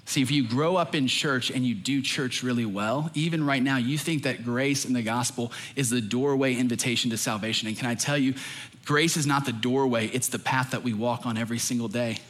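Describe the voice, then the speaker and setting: A man's voice: mid-range voice, fairly quick, fairly bright tone. A young adult man, a pastor, preaching a sermon in an earnest, emphatic way.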